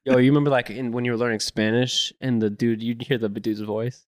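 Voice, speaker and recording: A man's voice: medium pitch, steady tone, brisk. A young man co-hosting a podcast, teasing and joking with slang like yo and son. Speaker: podcast co-host. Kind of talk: casual chat.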